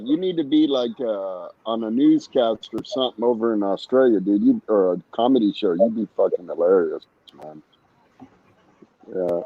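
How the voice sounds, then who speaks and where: A man's voice: mid-range voice, darkish tone, dry recording, muffled recording. A man rambling casually and cursing a lot while chatting on an online stream. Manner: rambling, profane, laid-back. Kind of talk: casual chat.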